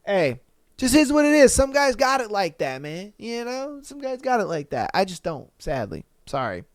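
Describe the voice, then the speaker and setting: A young man hosting a podcast in a casual, slangy way, laughing often and swearing freely, with a fairly high voice that has a little depth. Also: wildly swooping pitch, moderate pace, no echo, clean studio sound. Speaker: podcast host. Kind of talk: casual podcast chat reading listener answers.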